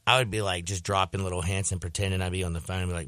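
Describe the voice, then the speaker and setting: A man hosting a sports radio show, telling a story in a casual, animated way and slipping into voices when he quotes people. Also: deep voice, racing, clean tone, no echo.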